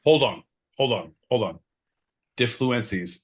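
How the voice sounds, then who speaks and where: A man co-hosting a podcast, joking loudly, interrupting and swearing, with sudden jumps in pitch. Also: lively intonation, a little slow, slightly rough. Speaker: podcast co-host. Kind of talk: rowdy comedic banter.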